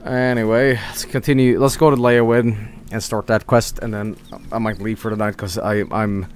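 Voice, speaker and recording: A man's voice: fairly low pitch, little pitch movement, moderate pace. A young man streaming a game late at night, sleepy and rambling, with an itchy throat from hay allergy. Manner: rambling, drowsy, trailing off. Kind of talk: casual gameplay chat.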